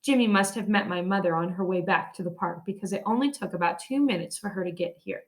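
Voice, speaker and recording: A woman teacher greeting her pupils and reading a chapter book aloud, gentle and encouraging, recorded at home. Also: on the low side, fast, a little hiss or hum. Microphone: home video recording.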